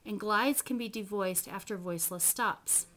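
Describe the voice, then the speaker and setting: A woman giving a classroom presentation on phonetics, who speaks slowly and carefully, sounds out example words and corrects herself as she goes. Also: medium pitch, a bit bright.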